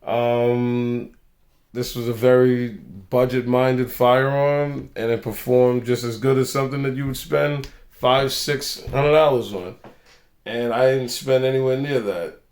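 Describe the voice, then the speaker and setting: A man's voice: medium pitch, fairly even intonation, a little slow, darkish tone. A young man hosting a casual vlog, loose and rambling, telling stories with plenty of swearing. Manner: loose, rambling, profane storyteller. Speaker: channel host.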